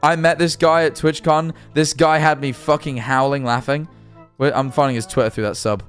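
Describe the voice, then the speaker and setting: A man's voice: on the high side, fairly even intonation, clean tone, soft background music. A man chatting casually on his livestream, rambling and swearing freely as he reads chat and jumps between topics. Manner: rambling, sweary, jumpy and quick to laugh. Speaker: streamer.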